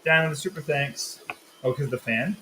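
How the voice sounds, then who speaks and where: Man, cook-along host, slightly high voice, jokey and chatty, faint background hiss. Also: normal speed, pushed and bright, poor audio. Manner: joking, chatty, explains steps. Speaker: cooking show host. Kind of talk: casual live cook-along chat.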